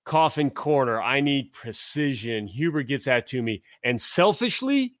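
A man from Tennessee and Ohio co-hosts a casual sports podcast in a mid-range, sing-song voice at a measured pace, recorded in a dry, clean studio. He rambles through long stories, often interrupting himself to restart.

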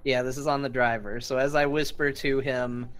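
A man playing a tabletop game, slowly describing what his character does. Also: mid-range voice, little pitch movement, fairly bright tone, smooth. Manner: slow, deliberate, describing his character's actions. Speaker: player. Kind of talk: casual tabletop play.

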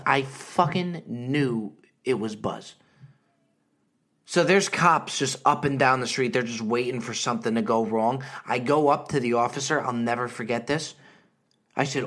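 A man hosting his own show, telling a story in a profane, wisecracking and lively way. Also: on the high side. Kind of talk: casual storytelling monologue.

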